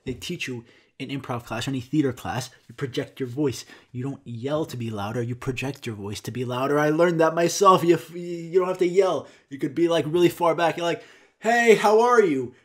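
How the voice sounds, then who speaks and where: A man's voice: medium pitch, a little fast, a bit bright. A man hosting a podcast, telling a comic story in a rambling, profane way and acting out the quotes. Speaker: podcast host.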